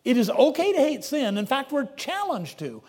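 A man preaching a sermon, emphatic, swinging between loud declarations and hushed asides. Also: extremely high pitch, wildly swooping pitch, moderate pace, slightly rough. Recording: long reverb of a large hall.

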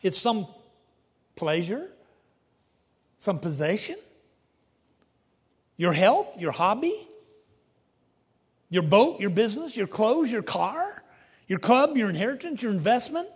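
A man preaching a sermon, emphatic, swinging between loud declarations and hushed asides. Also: sits high, very animated, slow pace, pauses often, slightly rough. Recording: long reverb of a large hall.

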